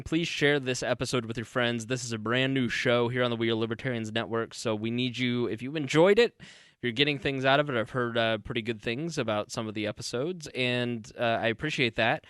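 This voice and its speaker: A man's voice: medium pitch, fairly even intonation, normal speed, a bit bright, clear, resonant tone, no echo, clean studio sound. A man hosting a podcast, chatting casually and joking at his own expense. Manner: joking, self-mocking. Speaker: podcast host. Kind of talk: casual interview chat.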